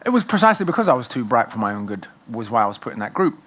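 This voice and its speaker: Man, author guest at a festival, quick, forceful, argumentative delivery. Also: mid-range voice, very animated. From Britain. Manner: fast, emphatic, argumentative storytelling. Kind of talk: festival conversation.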